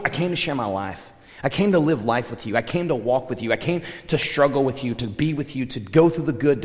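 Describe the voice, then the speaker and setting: A middle-aged man preaching as a missionary, telling stories in a lively, conversational way and acting out the dialogue. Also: a little high, in a large hall. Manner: animated, conversational, acts out dialogue. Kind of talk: sermon storytelling.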